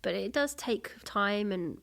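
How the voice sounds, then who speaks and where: A woman guest in a conversational interview, talking in a chatty, animated way with many fillers. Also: mid-range voice, a little slow, vocal fry. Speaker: guest voice actor.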